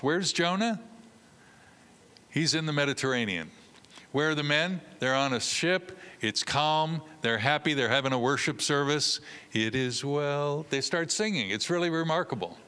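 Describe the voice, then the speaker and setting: A man's voice: fairly high pitch, sharp tone, clean tone, big-room sound. A man preaching a sermon, telling a story with humor and acting out the characters' voices.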